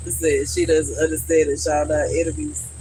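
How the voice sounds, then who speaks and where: A woman's voice: deep voice, little pitch movement, moderate pace, warm tone, slight background noise, poor audio. A woman chatting casually on a livestream. She vents in an exasperated way and rambles, often repeating a filler phrase as she talks. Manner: rambling, repeats "you know what I'm saying"; venting, exasperated. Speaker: livestream host.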